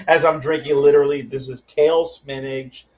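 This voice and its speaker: A man speaking as the guest in a casual chat, playful and quick to laugh. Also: fairly high pitch, fairly even intonation, crowd noise.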